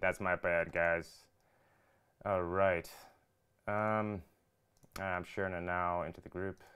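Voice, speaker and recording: Low smooth-voiced man hosting a podcast. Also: level tone, slow pace, a bit bright, dull audio. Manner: jokey, flustered while fixing audio trouble. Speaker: podcast host. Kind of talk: casual live-stream chat.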